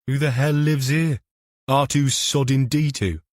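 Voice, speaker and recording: A man's voice: medium pitch, fairly even intonation, measured pace, dry recording, clean studio sound, pitched above the performer's own voice, lightly acted. A man voicing a crude, sardonic detective. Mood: dismayed. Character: gruff blunt male detective inspector.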